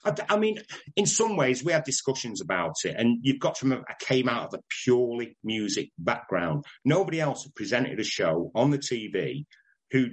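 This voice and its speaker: An older man with a Manchester accent, telling stories in a casual interview, chatty and quick to laugh. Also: mid-range voice, sing-song, husky, poor audio. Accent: Northern English, Manchester. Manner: chatty anecdotal, laughs often, does voices in stories. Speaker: interviewee, broadcaster.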